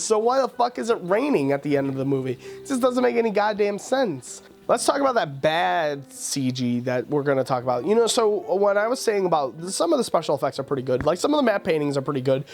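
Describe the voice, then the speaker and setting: A man hosting a podcast in a casual film review rant, profane, exasperated and mocking. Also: sits high. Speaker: podcast host.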